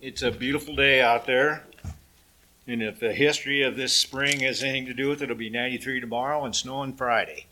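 Animated preacher man, bright voice. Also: mid-range voice, a little fast, slight background noise. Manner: animated storytelling, raising and dropping his voice for effect. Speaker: pastor. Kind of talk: sermon with dramatic scripture reading.

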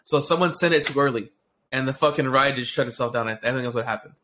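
Excitable, profane man telling stories. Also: medium pitch, fast talker, a little hiss or hum. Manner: rambling with frequent restarts and "like". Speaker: podcast co-host. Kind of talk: casual storytelling chat.

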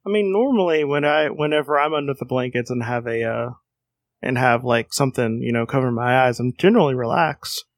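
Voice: mid-range voice, fairly quick, dry recording. A podcast co-host chatting casually, joking and hesitant, asking questions. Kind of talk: casual chat.

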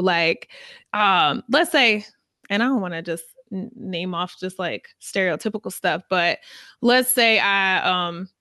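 A woman hosting a podcast, thinking aloud in a reflective, halting way with many fillers. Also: mid-range voice, fairly bright tone, no echo, clean studio sound. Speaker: podcast host. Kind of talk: casual podcast conversation.

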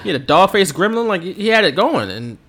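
A man's voice: high voice, sing-song, brisk, a bit bright. A man co-hosting a podcast in casual, jokey chat, laughing often. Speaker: podcast co-host.

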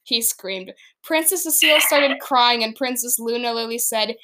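A woman's voice: a little high, moderate pace, few pauses, bright, forceful tone. A woman reading her own story aloud, laughing and stopping to comment along the way. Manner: laughs often, stops to comment. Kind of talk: casual reading with chatty asides.

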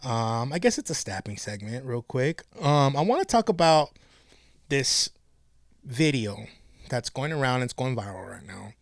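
A man's voice: mid-range voice, measured pace, gravelly, no room sound, studio quality. A man hosting a casual, profane podcast chat, retelling a story and acting out the quoted people. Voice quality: animated, acts out quoted voices. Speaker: podcast host.

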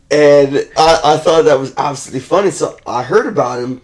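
A man in a casual podcast chat, telling rambling stories with halting restarts and casual swearing. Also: a little high.

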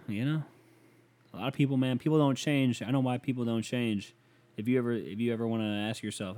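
A man hosting a solo podcast, rambling and swearing as he answers listener email, swinging from loud rants to muttered asides. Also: mid-range voice, steady tone, fairly quick. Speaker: podcast host.

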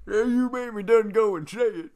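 In an improvised comedy bit, a man portrays a forgetful elderly podcast co-host who rambles goofily and keeps drifting off track. He speaks at normal speed in a high, slightly mellow voice.

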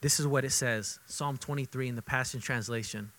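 A man preaching a sermon as pastor, conversational and repetitive for emphasis, moving between loud emphatic bursts and quiet intimate asides. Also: medium pitch, fairly even intonation, a little fast, few pauses, poor audio. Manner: conversational, repeats himself for emphasis.

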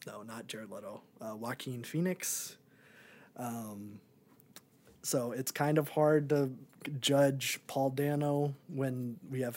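A man's voice: medium pitch, mellow. A young man and podcast co-host in a casual movie review chat, rambling with many ums and likes.

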